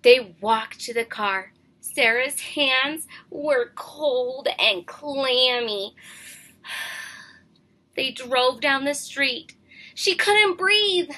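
Bright, slow storybook-reading woman teacher. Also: high voice. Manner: expressive, gently questioning. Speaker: kindergarten teacher. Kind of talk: picture-book read-aloud for young children.

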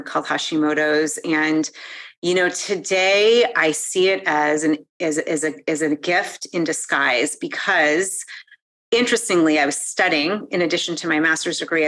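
A woman in her forties, a guest in an interview, talking in an animated, excitable way. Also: low voice. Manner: animated and excitable, quick to laugh. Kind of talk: conversational interview.

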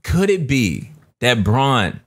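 A man co-hosting a basketball podcast in casual debate, animated and repeating phrases to drive home his point. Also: mid-range voice, takes it slowly. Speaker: podcast co-host.

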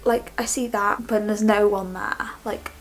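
A young woman, speaking candidly and rambling in a personal vlog from her student flat bedroom. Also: medium pitch, a little slow, soft background music, rough recording. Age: young adult. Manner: candid, rambling, restarts often. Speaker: vlogger.

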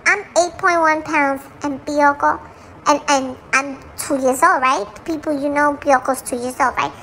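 A woman's voice: steady tone, a little slow, slight background noise, heavily acted. A woman voicing a small, jealous, dramatic female chihuahua who chats away and switches between English and Spanish. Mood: indignant. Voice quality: very high, bright dog voice.

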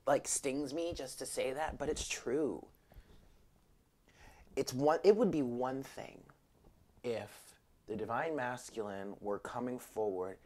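A woman's voice: very deep voice, a little mellow. Blunt, swearing woman reading tarot. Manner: frank and blunt, swears freely, emphatic. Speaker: tarot reader. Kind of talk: casual spiritual reading monologue.

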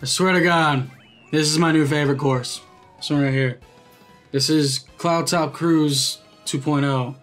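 A young man giving excitable, profane live commentary while racing in a kart game, often yelling at it. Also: a little high, a little slow, soft background music. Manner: excitable, swears a lot, yells at the game. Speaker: gaming YouTuber.

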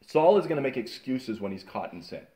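Animated man teaching a casual Bible lesson. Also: mid-range voice, fairly quick. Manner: animated storytelling with many fillers and restarts.

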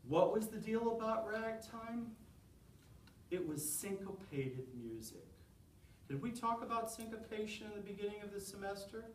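A man's voice: sits high, lively intonation, normal speed, recorded from a distance, slight background noise. A man lecturing a college class on rhythm, counting beats aloud and quizzing his students. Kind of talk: classroom lecture with clapping exercises. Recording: roomy classroom sound from off-mic.

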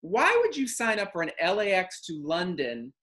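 A man hosting a casual chat, telling a long travel story with lively acted-out quotes. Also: high voice, normal speed. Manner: animated, acts out quotes and voices. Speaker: host.

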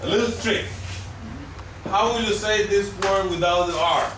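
A man's voice: high voice, moderate pace. A man teaching a language class and quizzing his students with questions. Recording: echoey room, camera far off, noisy.

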